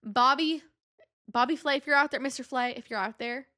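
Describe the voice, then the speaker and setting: A bubbly young woman chatting on her own podcast from home. Her voice sits a little high and leaps up and down as she giggles and hops between topics. The talk is loose and casual. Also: brisk, sharp tone. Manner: bubbly and giggly, jumps between topics, big pitch swings. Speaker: podcast host. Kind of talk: casual solo podcast chat. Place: home room.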